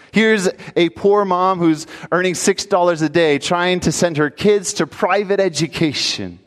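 In a big-room sound, a pastor with a fairly high-pitched male voice delivers a sermon. He tells a story with animation and builds to emphatic calls to the congregation.

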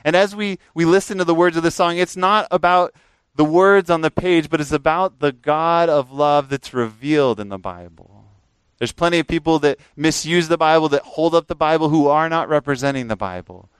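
A man preaching a sermon earnestly, rising to emphatic peaks and dropping to a quiet, prayerful tone. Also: fairly high pitch, moderate pace, clear, resonant tone, dry recording, poor audio.

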